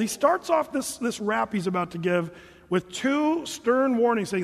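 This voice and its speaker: A man preaching a casual, joking sermon, reading scripture slowly between everyday asides. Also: high-pitched, in a large hall. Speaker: pastor.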